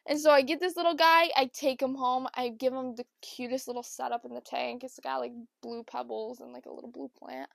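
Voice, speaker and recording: A young woman telling comic stories about her pets, lively and swearing, acting out what people said. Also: high voice, quick pace, vocal fry, hardly any pauses, dry recording, clean studio sound. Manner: animated, swearing, acts out quotes with big swings in loudness. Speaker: storyteller. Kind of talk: comedic storytelling monologue.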